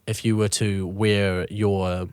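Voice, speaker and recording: Low-voiced New man, casual rambling. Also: level tone, takes it slowly, a little mellow, clear, resonant tone, dry recording. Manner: loose and rambling, lots of restarts and swearing. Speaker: podcast host. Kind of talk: casual chat.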